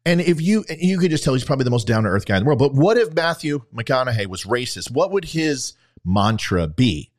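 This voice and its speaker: A man's voice: mid-range voice, sing-song, fairly quick, hardly any pauses. A man hosting his own political talk podcast, speaking to listeners in a combative, conversational way. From Louisiana. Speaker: podcast host. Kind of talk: opinionated political talk show.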